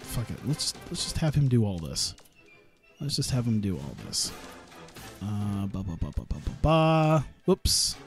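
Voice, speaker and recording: A man's voice: medium pitch, darkish tone. A man casually commenting on his own gameplay as a streamer, rambling and cutting himself off, laughing at his own jokes. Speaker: gaming streamer.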